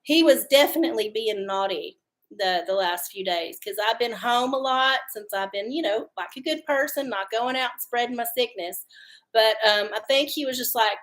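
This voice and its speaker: A chatty woman hosting a live stream from home, tossing off swear words as she goes. Her voice sits a bit high for a woman, and she sounds loose and unscripted. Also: moderate pace, fairly bright tone. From Texas. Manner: chatty, salty, swears freely. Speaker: livestream host. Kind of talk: casual livestream chat. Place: home studio under hot lights.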